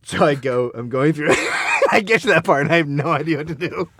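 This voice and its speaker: A man's voice: a little high, expressive, brisk, fairly bright tone, breathy edge, no echo, studio quality. A man telling a comic story in casual chat, laughing and swearing as he goes. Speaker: podcast co-host.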